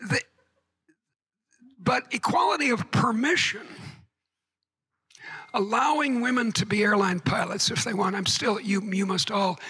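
A man giving a public lecture to an audience, halting and repeating words, with wry asides. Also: high-pitched, sharp tone, breathy edge, poor audio.

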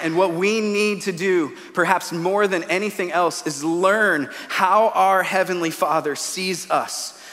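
A man in his thirties preaching a sermon in a church auditorium. His voice sits fairly high, and he tells stories casually, often restarting mid-phrase. A long hall reverb trails behind his words. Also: fairly bright tone. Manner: conversational storytelling with repeated restarts. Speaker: pastor.

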